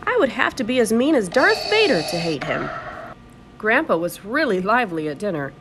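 A woman reading a children's novel aloud in an expressive storytelling voice. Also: mid-range voice, normal speed, slight background noise. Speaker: audiobook reader.

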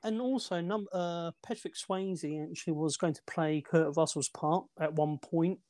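A man with a slightly high, unhurried, somewhat mellow voice co-hosts a casual movie podcast. He rambles through film trivia with restarts and fillers.

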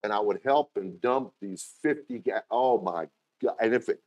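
A man preaching a sermon as pastor, telling stories and acting out quoted voices with sudden jumps in pitch. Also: normal speed, a little mellow.

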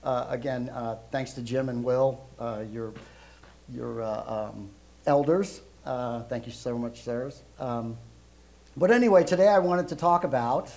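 A middle-aged man from Brooklyn, raised in Europe, preaching a casual sermon in a loud voice with lots of ums and uhs. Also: mid-range voice, measured pace. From Brooklyn, New York, raised in Europe. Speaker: guest preacher.

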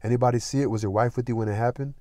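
A man's voice: medium pitch, fairly even intonation, racing, dark tone, dry recording, close to an everyday voice. A man doing a blunt, uneasy small-town deputy. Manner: pushy questioning, growing stern.

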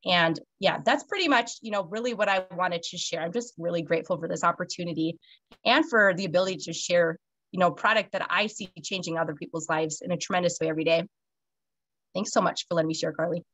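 A woman's voice: fairly low pitch, fast, a bit bright, dry recording, rough recording. A woman on a video call, earnestly and gratefully wrapping up her story. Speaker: guest sharing her story. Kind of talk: casual video call testimonial.

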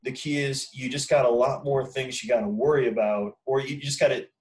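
A man lectures his class in an easy, informal way, talking straight to his students and not mincing words. His voice sits at a middle pitch and sounds a little distant from the microphone. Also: steady tone, a little fast, darkish tone. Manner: informal, blunt, talks to students directly. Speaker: exercise physiology instructor. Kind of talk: casual recorded lecture.

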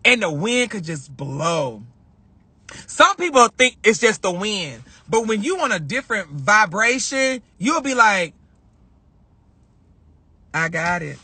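A man with a high, very lively voice talks casually on a livestream, leaning on repeated phrases for emphasis. His tone is bright with a husky edge. The sound is dry and close. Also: unhurried, no echo. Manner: animated, spiritual storytelling. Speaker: vlogger.

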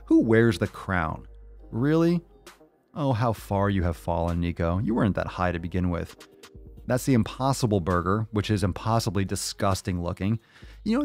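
A man's voice: lowish voice, darkish tone. A man hosting a fitness video, giving a fired-up, mocking reaction commentary full of swearing. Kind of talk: profane ranting reaction commentary.

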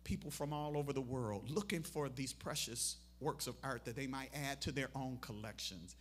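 A man preaching a memorial sermon. He tells a parable, acts out what people say, and swells into loud, emphatic appeals. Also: mid-range voice, moderate pace, slight background noise.

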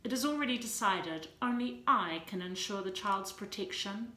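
A woman's voice: mid-range voice, expressive, moderate pace, bright, forceful tone. A woman voicing a powerful sheikh who speaks in a curt, authoritative way, read in a storybook. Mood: cold. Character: cold commanding sheikh, powerful man. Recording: roomy echo.

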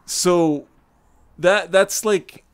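A man's voice: sits high, drawn-out words, clear, resonant tone. A man hosting a podcast, chatting casually and animatedly, swearing freely and acting out what others might say. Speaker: podcast host. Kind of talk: casual chat.

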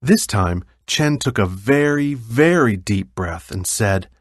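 A man narrating children's stories aloud with clear, expressive storytelling. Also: on the low side, slow pace, no echo, studio quality.

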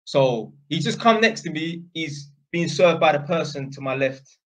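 A man's voice: on the high side, expressive, moderate pace. A man vlogging, telling a story in a rambling, slangy way and tagging lines with "innit". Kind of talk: casual storytelling.

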